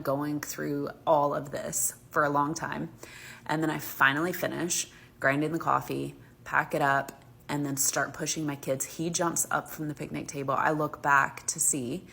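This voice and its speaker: Gravelly low-voiced woman. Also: a bit bright, slight background noise. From Alabama, US. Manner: heated, emphatic, heavy use of "like". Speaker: mother. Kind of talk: casual storytime.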